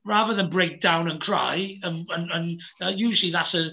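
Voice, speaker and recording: Bright, high-voiced man. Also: moderate pace, gravelly. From Yorkshire, England. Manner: blunt, talks in runs of repeated phrases. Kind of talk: casual conversation.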